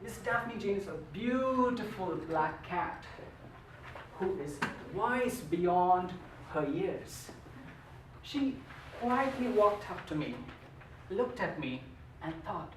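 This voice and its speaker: A man's voice: high voice, expressive, slow, reverberant, recorded from a distance, slight background noise, low-quality recording. A man giving a humorous storytelling speech at a contest, with a playful, theatrical delivery. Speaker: contest speaker.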